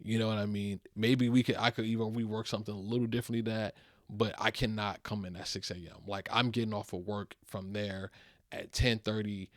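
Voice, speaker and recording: A man's voice: lowish voice, fairly even intonation, a little fast, no echo. Swearing, slang-heavy man venting. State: worn out. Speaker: podcast host. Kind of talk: casual storytelling monologue.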